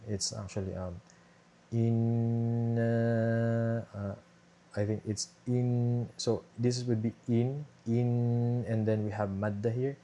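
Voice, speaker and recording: Young guy with a lowish mellow voice talking through his research slides, lots of "right?", faint noise behind. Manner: explanatory, many fillers and restarts, tag questions. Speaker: presenter explaining his thesis research. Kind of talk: casual screen-share walkthrough. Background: airplane noise from a nearby airport.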